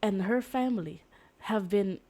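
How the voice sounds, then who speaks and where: A woman's voice: mid-range voice, unhurried, warm tone. A young woman streamer casually retelling a story, rambling with fillers and restarts and swearing freely.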